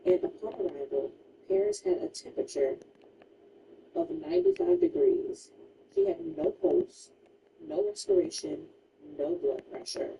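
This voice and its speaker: A woman's voice: very high-pitched, wildly swooping pitch, unhurried, creaky, far from the mic, background noise. A woman streamer casually retelling a true crime story while gaming, emphatic and chatty, full of "like" asides.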